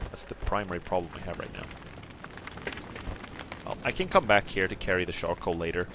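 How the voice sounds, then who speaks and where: A man streaming a video game, commenting casually, excitable, swearing and laughing often. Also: sits low, a little fast, pauses often, a little hiss or hum. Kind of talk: let's play commentary.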